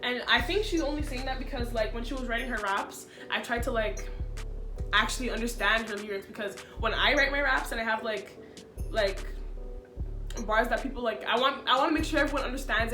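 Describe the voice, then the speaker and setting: A young woman with a high voice tells a storytime in an animated, exasperated way, scattering "like" through her sentences. She talks in an echoey room with faint music in the background. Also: brisk. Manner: animated, exasperated retelling full of "like". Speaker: vlogger. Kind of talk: storytime vlog.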